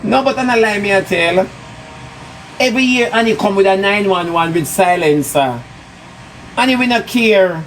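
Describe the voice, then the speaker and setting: High-voiced Jamaican man ranting mockingly. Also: moderate pace. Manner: mocking, scolding, sarcastic. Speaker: live streamer. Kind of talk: ranting live-stream monologue. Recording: distant mic with loud background noise.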